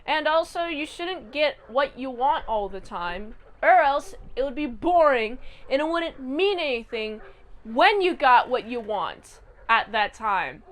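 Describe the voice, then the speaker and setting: A woman recapping and reviewing a TV episode in a chatty, animated way. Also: high-pitched, unhurried. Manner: chatty and animated, acts out quotes. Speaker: show reviewer.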